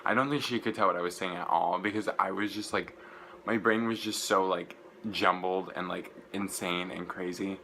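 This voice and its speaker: A young man, gushing and rambling through an excited casual vlog recap, full of "like" fillers. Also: low voice, moderate pace, slight background noise, rough recording. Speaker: vlogger.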